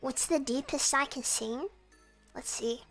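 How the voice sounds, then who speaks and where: A woman's voice: high-pitched, fairly even intonation, a little slow, a bit bright, faint music behind. A young woman chatting casually and playfully with her viewers on a stream from her room. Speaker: VTuber streamer.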